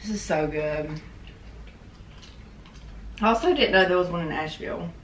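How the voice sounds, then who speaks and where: A woman, co-hosting a casual mukbang, easygoing and quick to laugh while she eats. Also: fairly low pitch. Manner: easygoing, laughs often, talks while eating. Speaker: co-host. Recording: echoey room with faint noise.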